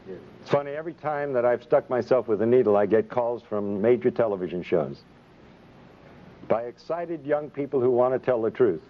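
A man's voice: mid-range voice, expressive, moderate pace. A man, a physician, giving an impassioned public speech full of indignant rhetorical questions and sarcasm. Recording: dull lo-fi recording.

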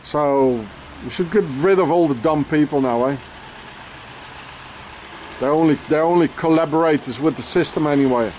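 A man delivering an angry, rambling rant outdoors in the rain, swearing often and filling every pause with "you know" and "eh?". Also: on the high side, darkish tone, a little hiss or hum.

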